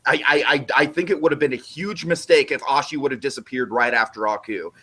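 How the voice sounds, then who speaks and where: A man's voice: medium pitch, brisk, a bit bright. A man hosting a casual recap discussion, opinionated and emphatic, now and then breaking off with apologetic asides.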